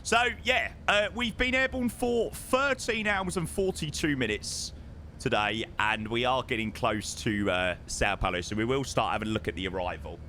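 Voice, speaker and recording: A man's voice: mid-range voice, moderate pace, pushed and bright, a little hiss or hum. A young man streaming a flight sim, chatting casually with his chat and calling people mate, his voice strained because he is losing it.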